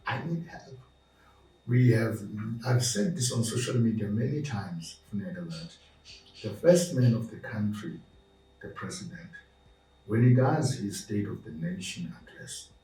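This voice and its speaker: A man's voice: lowish voice, lively intonation, measured pace, mellow. A man speaking passionately as a podcast guest, emphatic and preaching, building his points through repeated lists. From South Africa. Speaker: podcast guest, movement founder. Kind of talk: passionate interview talk. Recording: roomy room, distant mic.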